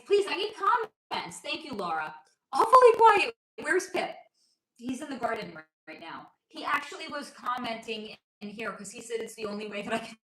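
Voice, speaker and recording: A lively, high-voiced woman from the United States chats casually on her livestream, full of rambling asides and swearing. Her voice is bright and swings up and down a lot. It rings with echo from the room around her. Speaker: psychic reader on a livestream.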